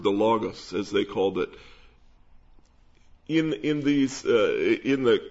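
A man's voice: medium pitch, a little mellow. Man teaching scripture, muffled lo-fi sound. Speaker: pastor. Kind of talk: expository Bible teaching. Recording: dull lo-fi sound.

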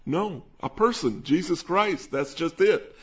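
A man preaching, teaching verse by verse through a Bible passage at an unhurried pace. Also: on the high side, expressive. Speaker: pastor. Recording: dull lo-fi sound.

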